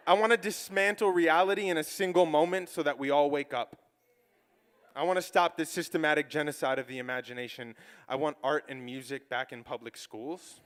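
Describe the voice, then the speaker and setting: A man's voice: mid-range voice, fairly bright tone, clean tone. Man, confessional spoken-word monologue, earnest, lots of "like" fillers, stage talk, long hall reverb. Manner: earnest, heavy use of "like" fillers. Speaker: solo stage speaker.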